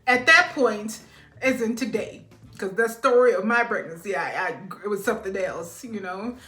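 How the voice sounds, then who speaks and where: A woman giving a casual spiritual reading who laughs often, acts out quotes loudly and keeps asking "all right?". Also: medium pitch, lively intonation, moderate pace, echoey room. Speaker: tarot reader.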